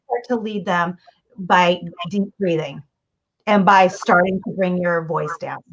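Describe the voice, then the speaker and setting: A woman coach talks through communication advice in a casual interview. She keeps it lively and slips into the voices of the people she quotes. The audio sounds dull and lo-fi. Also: lowish voice, a little slow. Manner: animated, acts out quoted voices.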